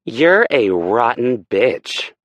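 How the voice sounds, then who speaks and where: A man voicing an angry, snobbish young woman in an audiobook, shrill and snapping. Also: very animated, drawn-out words, dry recording, full character voice. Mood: spiteful.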